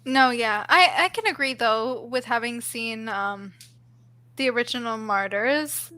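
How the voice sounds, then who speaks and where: A woman hosting a live stream, animated in casual chat, swearing freely and laughing often. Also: a little high, measured pace, no room sound, poor audio.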